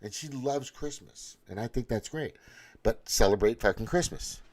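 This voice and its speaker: A man's voice: mid-range voice, normal speed, a little mellow. A middle-aged man ranting in casual commentary, sarcastic and swearing constantly. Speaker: commentary host.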